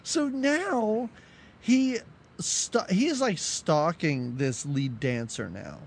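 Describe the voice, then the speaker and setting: A podcast co-host who picks apart an old movie in casual chat. The voice sits mid-pitch and swings widely up and down as they mock the plot. Sarcastic asides and frequent laughter run through the talk. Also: slow, vocal fry, breathy edge. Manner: animated, sarcastic, laughs often.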